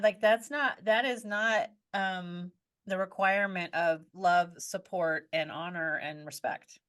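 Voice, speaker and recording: A woman in a casual group talk, telling anecdotes animatedly with quick asides. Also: fairly low pitch, fairly even intonation, a bit bright, clean tone. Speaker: podcast co-host. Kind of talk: casual group discussion, storytelling.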